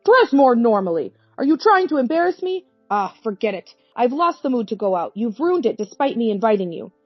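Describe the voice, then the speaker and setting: A woman's voice: on the high side, big pitch swings, brisk, slightly rough, no room sound, faint music behind. A woman voicing a scornful, domineering middle-aged husband in a storybook-style reading, with a sneering, irritable manner. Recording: dull lo-fi recording.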